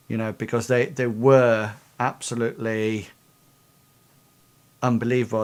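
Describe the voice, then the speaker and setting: Hesitant game master. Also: male voice, mid-range voice, clear, resonant tone. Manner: hesitant, many fillers and restarts. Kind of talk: narrating a tabletop game.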